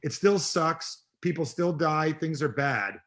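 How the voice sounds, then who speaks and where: A man's voice: a little high, lively intonation, takes it slowly, fairly bright tone. A middle-aged man, a personal development coach, talking bluntly and emphatically in an interview. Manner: emphatic, blunt, swears freely. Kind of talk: energetic interview talk.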